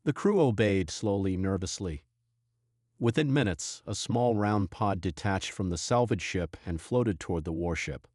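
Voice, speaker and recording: A man reading a science fiction story in a steady, measured storytelling voice. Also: low-pitched, no echo, studio quality. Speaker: narrator. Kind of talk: scripted sci-fi narration.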